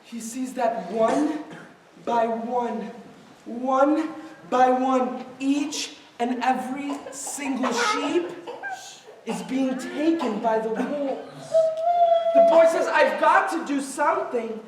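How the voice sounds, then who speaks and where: A man's voice: extremely high pitch, expressive, drawn-out words, a little mellow, slight background noise. A man telling stories to children at a mosque family night, playful and theatrical, joking between the lines. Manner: playful, theatrical, mixing jokes into the story. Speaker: storyteller. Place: mosque hall. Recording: echoey hall from far off. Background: children in the audience calling out.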